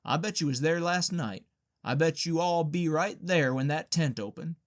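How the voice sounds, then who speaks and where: A man's voice: on the high side, moderate pace, pitched above the performer's own voice, lightly acted. A man voicing Luster, a restless, bossy Southern teenage boy with a drawling, scolding way of talking, in an audiobook reading.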